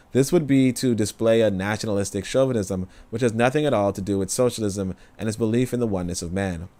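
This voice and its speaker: A man's voice: lowish voice, darkish tone. A man hosting a stream, reading an essay aloud and breaking off for rambling, emotional asides full of fillers. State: tearful. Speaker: host reading and commenting. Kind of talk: livestream reading with casual commentary.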